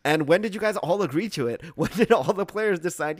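A man talking in a casual sports chat, animated and sarcastic, mocking what he argues against. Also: high voice, fairly quick, dry recording, studio quality.

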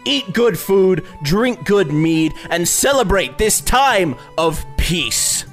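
A man voicing an elderly meadery founder who proclaims a loud welcome speech to a crowd. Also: high voice, very animated, slow pace, soft background music, pitched above the performer's own voice, heavily acted. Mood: proclaiming. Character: grand old male meadery founder giving a festival speech.

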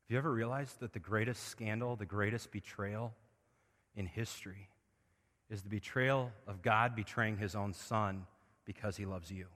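A man's voice: lowish voice, fairly even intonation, moderate pace. Impassioned male pastor in a reverberant hall. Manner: impassioned preaching, moving between hushed and loud. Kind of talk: sermon.

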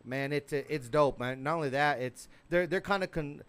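A man co-hosting a podcast in casual banter, telling stories in a relaxed way, restarting his sentences and laughing often. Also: a little high, moderate pace, clean tone. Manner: laid-back storyteller, restarts often, laughs a lot. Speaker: podcast co-host.

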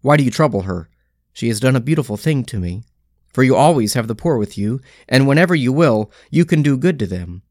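A man reading scripture aloud in a slow, measured liturgical style, pausing phrase by phrase. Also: medium pitch, expressive, darkish tone, dry recording, studio quality. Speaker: scripture reader.

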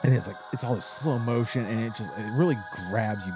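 A man chatting casually with a co-host as he recaps a video game's story, his pitch jumping when he gets excited. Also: fairly quick, over music. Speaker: podcast co-host.

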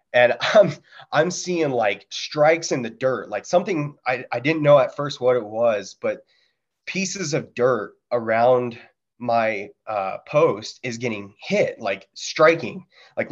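A man's voice: medium pitch, highs cut off. A man, a Marine veteran and podcast guest, telling war stories in a candid, profane, casual way and mimicking gunfire sounds. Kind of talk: casual storytelling.

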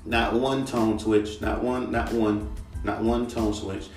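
Profane, animated man ranting in an echoey room. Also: fairly low pitch, takes it slowly. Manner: profane, animated, mimics rap flows. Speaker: podcast host and rapper. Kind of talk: casual solo rant. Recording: echoey room, mic at a distance, faint music.

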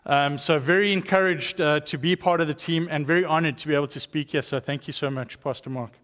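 This man speaks quickly, with a fairly high, fairly bright voice and fairly even intonation. He's a South African guest speaker in his thirties or forties, and his testimony sermon is chatty, joking, and heavy on fillers, set in a church hall with long reverb.

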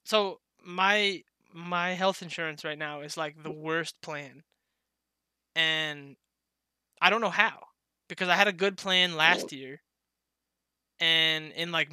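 A man's voice: a little high, measured pace, pushed and bright, clean tone, dry recording. A young man chatting casually on a podcast, laughing often and swearing freely as he rambles.

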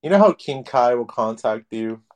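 A man's voice: medium pitch, normal speed. A man co-hosting a podcast in casual chat, swearing freely and telling stories wryly. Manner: swears freely, wry, lively storytelling. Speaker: podcast co-host.

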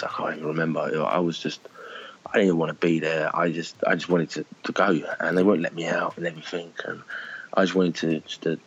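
A man's voice: low-pitched, slightly rough, muffled recording. A middle-aged man talking candidly and emotionally in an interview, blunt, swearing and calling people mate. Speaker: charity fundraiser guest.

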